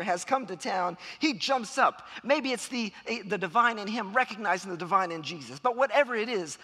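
Male preacher, sermon, swooping expressive delivery, echoing sanctuary. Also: high voice. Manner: dramatic storytelling, acting out shouts and voices. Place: church sanctuary. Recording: long hall reverb.

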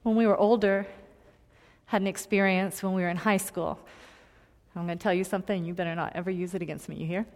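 A woman preaching a personal story in a sermon, earnest and confiding, moving between loud emphasis and hushed tones. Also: medium pitch, steady tone, a little fast, a faint crowd. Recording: long hall reverb.

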